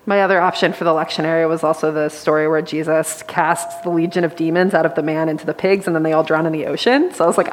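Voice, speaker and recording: Soft-spoken nervous woman preaching. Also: deep voice, quick pace, few pauses, in a large hall, slight background noise. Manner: soft-spoken, a little nervous, many ums. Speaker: guest preacher. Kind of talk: church talk and scripture reading. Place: church meeting room.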